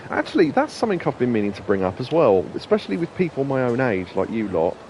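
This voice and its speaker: A man in his thirties with a naturally deep voice, chatting casually as a gaming streamer, rambling and swearing freely. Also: huge pitch swings, quick pace, darkish tone, slight background noise, low-quality recording. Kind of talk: casual let's-play commentary.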